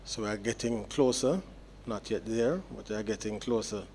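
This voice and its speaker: A man, a judge delivering sentencing remarks in court in a measured, explanatory way with deliberate pauses. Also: fairly low pitch, a little mellow, slight background noise.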